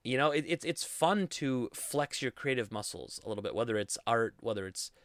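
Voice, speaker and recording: A man's voice: mid-range voice, animated, normal speed, no room sound. A young man hosting a casual solo podcast, rambling in a goofy, self-deprecating way into a studio mic. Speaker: podcast host.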